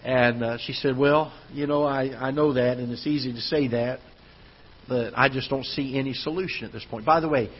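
A man's voice: medium pitch, steady tone, moderate pace, lo-fi sound, a little hiss or hum. A man preaching a sermon as pastor, telling a story that builds into emphatic preaching. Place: church auditorium.

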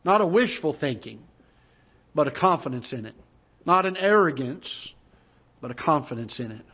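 A man in his fifties with a Midwestern American accent, preaching a sermon and telling a personal story in an earnest way, with pauses and restarts. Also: on the high side, animated, breathy edge. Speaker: pastor. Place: church auditorium. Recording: muffled church broadcast audio.

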